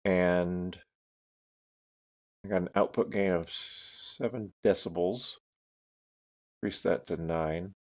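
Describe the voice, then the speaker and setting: A man's voice: deep voice, fairly even intonation, slow pace, pauses often. A man live streaming who talks casually and thinks aloud while adjusting his microphone settings. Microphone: desk microphone with noise gate and compressor.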